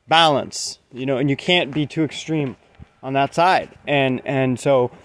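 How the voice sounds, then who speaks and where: A man's voice: mid-range voice, low-quality recording. A man talking through a casual, reflective monologue, earnest and rambling, with many restarts.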